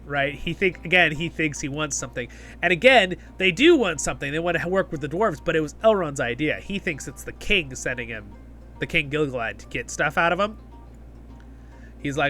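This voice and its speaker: Bright, lively man gushing in a review. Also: a little high, moderate pace, soft background music. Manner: enthusiastic, rambling, keeps asking "right?". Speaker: host of a fan review channel. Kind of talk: casual episode review.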